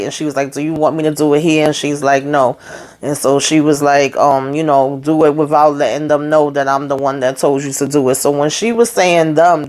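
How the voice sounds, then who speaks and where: A woman's voice: sits low, a little mellow. Woman w/ recapping her show, chatty, acts out the lines as she retells em. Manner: retells scenes in quoted dialogue, chatty asides. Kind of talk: casual recap commentary.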